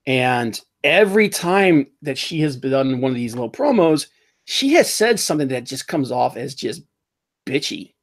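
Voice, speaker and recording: A man hosting a casual pop-culture podcast, rambling and animated, often laughing as he mocks what he talks about. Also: medium pitch, normal speed. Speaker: podcast host.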